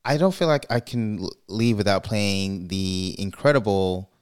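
A man's voice: fairly low pitch, a little slow, clear, resonant tone. A man co-hosting a podcast, chatting casually and telling a story with laughs and acted-out quotes. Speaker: podcast co-host. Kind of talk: casual chat.

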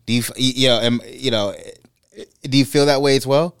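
A man hosting a podcast, a practicing lawyer, talking casually and getting lively when telling stories. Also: mid-range voice, fast, clean tone, no room sound, clean studio sound.

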